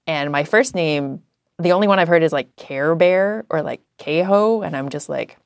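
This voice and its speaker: A woman from Canada, a journalist, telling stories in a chatty, animated way with lots of fillers. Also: low voice, normal speed, no room sound. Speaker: guest, journalist. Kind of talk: casual interview chat.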